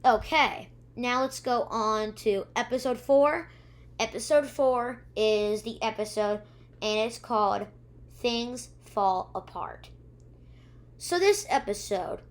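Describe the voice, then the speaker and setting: Female reviewer with a fairly high voice, loose, rambling recap delivery, acts out the characters' lines. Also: takes it slowly. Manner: chatty, many ums and restarts, acts out characters' lines. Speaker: video reviewer.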